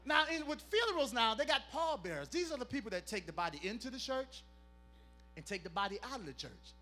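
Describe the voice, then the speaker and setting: A man's voice: extremely high pitch, big pitch swings, fast talker, pushed and bright, faint music behind. A man performing clean stand-up comedy, playful and teasing the crowd.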